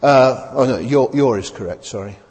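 A man's voice: mid-range voice, moderate pace, darkish tone, big-room sound. A man preaching a sermon in a conversational, hesitant way, often restarting and adding rhetorical tag questions.

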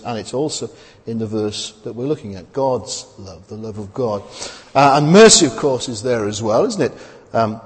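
Guy preaching, chatty and halting, keeps adding "isn't it", mid voice, hall echo. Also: medium pitch, darkish tone. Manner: conversational with many hesitations and restarts; asks rhetorical tag questions. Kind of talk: sermon.

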